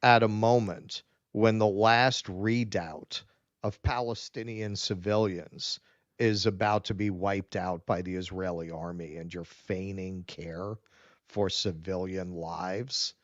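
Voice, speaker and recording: A man's voice: deep voice, steady tone, takes it slowly, no echo. A man co-hosting a casual political commentary stream, talking in an earnest, pointed way. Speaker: co-host. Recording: dry, dull lo-fi sound.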